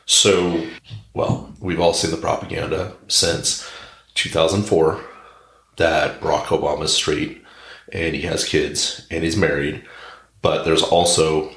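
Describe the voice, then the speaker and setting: A man's voice: rumbling low, flat delivery, slow pace, fairly bright tone. A man hosting a podcast and telling a rambling, irreverent comedic story. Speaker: podcast host. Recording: echoey room.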